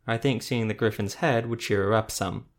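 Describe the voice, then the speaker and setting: A man's voice: on the low side, fairly even intonation, moderate pace, natural voice. A blunt young village girl, unimpressed and plain-spoken as a male narrator reads her. Her lines come in an everyday voice, barely set apart.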